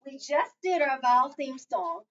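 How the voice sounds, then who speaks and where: A woman's voice: high voice, moderate pace, a little hiss or hum. A woman tutoring a child in phonics, patiently asking prompting questions one-on-one. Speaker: reading tutor. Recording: distant, dull lo-fi sound.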